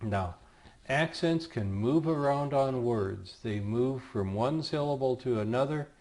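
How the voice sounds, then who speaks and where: A man teaching a lesson, explaining rules slowly and patiently, with the odd self-deprecating aside. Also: medium pitch, expressive, a little mellow. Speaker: Greek teacher. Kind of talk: recorded lecture.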